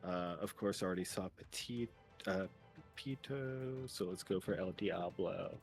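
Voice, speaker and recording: A man running a tabletop game as game master over an online call, relaxed and halting with many fillers. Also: low-pitched, soft background music.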